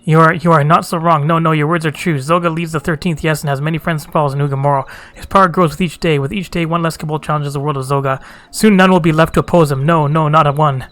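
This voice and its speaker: A man's voice: fairly high pitch, steady tone, fast talker, a bit bright, natural voice. A man voicing a wailing, self-pitying male kobold that repeats itself in strings of synonyms. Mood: woeful.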